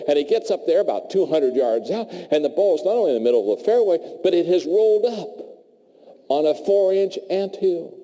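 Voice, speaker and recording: A man giving a humorous talk to a live audience, telling stories in an animated way with playful asides. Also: fairly high pitch, moderate pace, poor audio. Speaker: motivational speaker.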